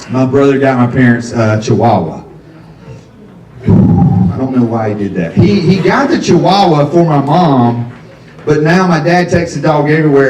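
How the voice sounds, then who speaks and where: A man doing a stand-up comedy set at a coffee shop, telling stories with drawn-out punchlines. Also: on the high side, a little mellow, recorded from a distance. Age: 50s. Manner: conversational storytelling with drawn-out punchlines. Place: coffee shop with a live audience. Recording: echoey room, voice from off-mic.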